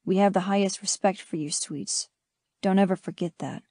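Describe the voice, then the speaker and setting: A woman voicing an intense, adoring young man in an audiobook, speaking in a low, earnest murmur. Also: normal speed, a little mellow, no room sound, clean studio sound, natural voice.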